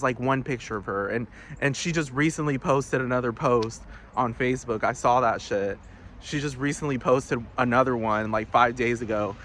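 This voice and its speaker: A man's voice: mid-range voice, a bit bright, slight background noise. A man vlogging a heated, profane rant with many restarts, outdoors. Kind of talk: casual ranting monologue.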